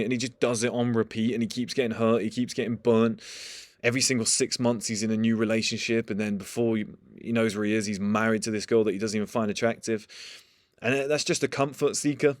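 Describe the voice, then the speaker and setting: A man's voice: on the low side, steady tone, fast talker, dry recording, studio quality. A young man giving a blunt, profane motivational talk in a casual monologue. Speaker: motivational speaker.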